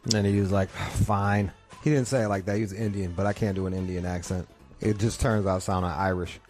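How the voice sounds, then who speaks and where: A man with a low voice hosts a podcast from home. He rambles through crude, profane stories in a loose comic rant, with faint music behind him. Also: fairly even intonation, quick pace, a little mellow. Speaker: podcast host. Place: home couch.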